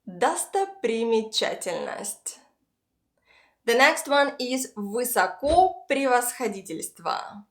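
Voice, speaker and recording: A woman teaching pronunciation, explaining each sound slowly and carefully. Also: a little high, lively intonation, a bit bright. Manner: slow, careful, clearly spelling out sounds. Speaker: Russian language teacher. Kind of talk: pronunciation lesson.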